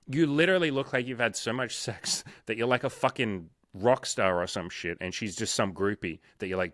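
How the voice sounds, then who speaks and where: A man's voice: fairly low pitch, fairly quick, few pauses, no room sound, clean studio sound. Blunt, profane young male dating coach. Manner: blunt, profane, animated storytelling with acted quotes. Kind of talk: casual interview chat.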